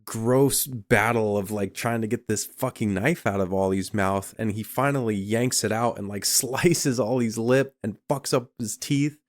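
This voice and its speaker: Low-voiced man casually recapping a film. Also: a little slow, few pauses. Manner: loose, profane storytelling with many fillers. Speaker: podcast co-host.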